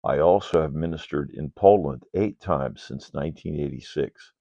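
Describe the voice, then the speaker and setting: An older man reading a ministry report to donors in a slow, measured, earnest way. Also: rumbling low, vocal fry, mellow, no echo. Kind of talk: read-aloud ministry report. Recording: dull, dry lo-fi sound.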